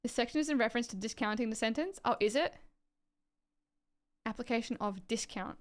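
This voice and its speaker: An Australian woman with a slightly high voice speaks fairly quickly on a livestream. She reads dense legal text aloud, chats offhandedly with viewers, and swears casually.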